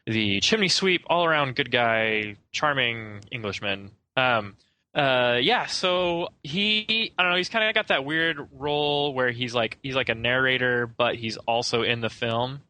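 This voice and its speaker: Male podcast co-host, casual and meandering, average pitch, bright voice. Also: lively intonation, a little slow. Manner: rambling and hesitant, full of "I don't know". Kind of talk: casual film discussion.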